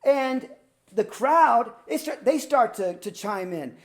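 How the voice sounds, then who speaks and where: A woman tells a personal story as a performance, dramatic and lively. She rises to loud, excited peaks and drops to hushed, near-silent passages. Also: on the high side, slow. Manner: animated, dramatic, swings between loud and hushed. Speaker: student storyteller.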